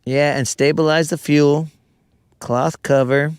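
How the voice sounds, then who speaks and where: A man hosting a live fishing stream, bantering and teasing his viewers in loose, slangy talk. His voice sits a bit high for a man and comes through smooth and clear. The sound is dry and close, with little room around it. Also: steady tone, slow, a little mellow, dry recording.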